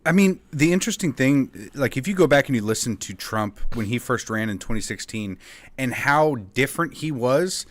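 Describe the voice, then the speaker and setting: A man's voice: medium pitch, lively intonation, normal speed. A man co-hosting a casual podcast, talking steadily and firmly about his views, with short laughs. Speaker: podcast co-host. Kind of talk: casual political podcast chat.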